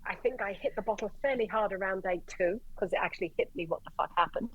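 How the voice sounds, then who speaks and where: An Irish woman, a paramedic guest, telling stories in a lively way, swearing and acting out the dialogue. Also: medium pitch, fast talker, lo-fi sound. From Ireland. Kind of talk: animated storytelling in conversation.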